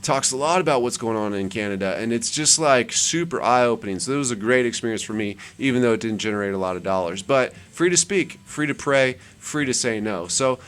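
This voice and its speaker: A man's voice: mid-range voice, expressive, a little fast, few pauses, a bit bright, smooth. Chatty man rambling over a screen share. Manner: chatty, rambling, repeats words for emphasis. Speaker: channel host. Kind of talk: casual screen-share commentary.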